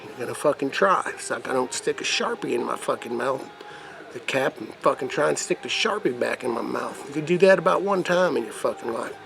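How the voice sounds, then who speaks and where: A man's voice: medium pitch, animated, brisk. A man reviewing vape mods in a rambling, profane vlog, putting on a crude redneck persona. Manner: put-on rough redneck persona. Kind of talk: casual product demo vlog.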